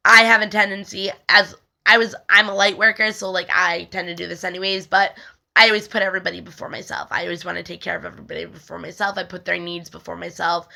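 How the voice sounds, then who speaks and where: Young woman with a bright, gravelly voice, casual spiritual talk, rambling with lots of fillers. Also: on the low side. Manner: rambling, frequent "like" fillers, stumbles over words and laughs. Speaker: spiritual healing video host. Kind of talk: casual talk reading aloud from a text.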